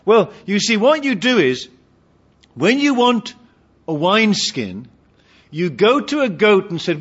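A man's voice: sits high, big pitch swings, unhurried, pauses often, a bit bright, breathy edge. A man preaching a sermon with humour, asking his congregation questions, on a dull lo-fi recording. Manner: humorous, asks the congregation questions.

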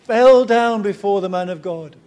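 A man preaching a sermon in an animated storytelling way, repeating points for emphasis. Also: high-pitched, moderate pace. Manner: animated storytelling, acts out quoted voices; emphatic repetition.

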